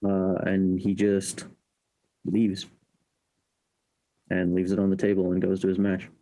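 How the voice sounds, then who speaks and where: A man playing a tabletop game, describing his character's actions in a halting way with many fillers. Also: deep voice, completely flat delivery, mellow, poor audio. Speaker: player.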